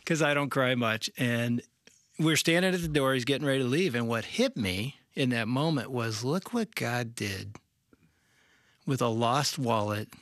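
A man's voice: mid-range voice, normal speed, no echo, clean studio sound. A middle-aged man, a pastor and co-host, telling a story in casual chat and acting out the quotes. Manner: animated storyteller, acts out quotes.

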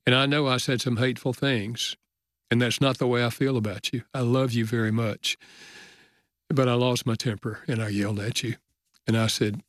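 A man's voice: medium pitch, fairly even intonation, fairly bright tone, dry recording. Older man, earnest guest storyteller, dry close mic. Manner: earnest, slows down for emotional moments. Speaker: author and guest. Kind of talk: storytelling in a podcast interview.

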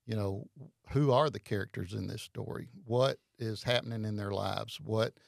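A man explaining a Bible study method in casual chat, halting and hesitant with many fillers. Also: lowish voice, steady tone, vocal fry, dry recording, clean studio sound.

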